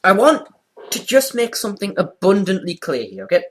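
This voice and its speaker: Teen male co-host, rambling jokey delivery with a lively, swinging voice. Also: high-pitched, fairly quick. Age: teens. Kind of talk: casual podcast banter.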